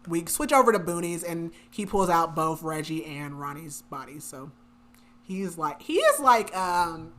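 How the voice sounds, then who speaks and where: A woman's voice: lowish voice, expressive, unhurried, fairly bright tone. A young woman on a book podcast, casually recapping the plot with lots of fillers and frequent laughter. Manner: chatty, filler-heavy, laughs often. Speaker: podcast co-host.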